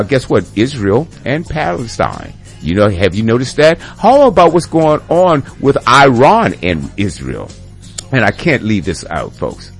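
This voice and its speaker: Emphatic male radio host ranting. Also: fairly low pitch. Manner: emphatic, repeats rhetorical questions to listeners.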